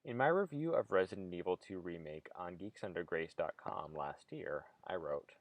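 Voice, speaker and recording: A man with a low, deep voice narrates a video essay from a script. His delivery is measured and analytical. The sound is close and dry, with no room around it. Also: expressive, no echo.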